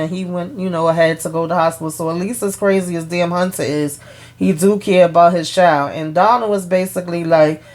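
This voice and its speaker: A woman's voice: fairly low pitch, fairly quick. Outspoken woman recapping a TV episode. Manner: animated retelling, acts out characters' lines; blunt and opinionated, mild cursing. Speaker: show recap host.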